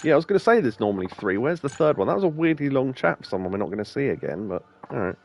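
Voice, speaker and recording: A man's voice: medium pitch, big pitch swings, racing, gravelly, darkish tone, a little hiss or hum. A man with an English accent giving casual, rambling game commentary as a let's play host, laughing often. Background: game music.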